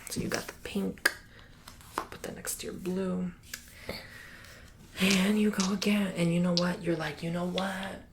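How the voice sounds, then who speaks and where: A man's voice: high voice, little pitch movement, measured pace, pauses often, very noisy. A man teaching a board game in a whispered ASMR tutorial, playful and sassy, calling the listener honey. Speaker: ASMR creator.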